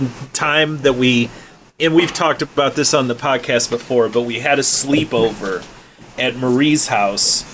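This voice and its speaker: A man's voice: mid-range voice, unhurried, a bit bright, a little hiss or hum, low-quality recording. A man hosting a podcast, reminiscing with old friends in a rambling, filler-heavy way. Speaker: podcast host. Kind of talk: casual podcast chat.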